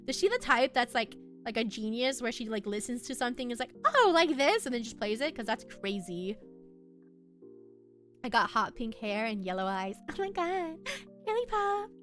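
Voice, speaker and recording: A bubbly young woman chats with her viewers on stream, giggling often as she reads their messages aloud. Her voice sits fairly high and swoops all over. Soft music plays faintly under her voice. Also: expressive, normal speed. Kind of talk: casual chat with live chat.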